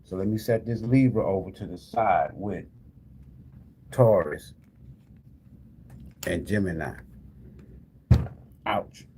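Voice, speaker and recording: Speaking warmly in a lowish voice, this man runs a tarot live stream where he chats casually and hands out prizes. He talks straight to his viewers as "y'all," repeating the same calls to them over and over. A little hiss or hum runs under the recording.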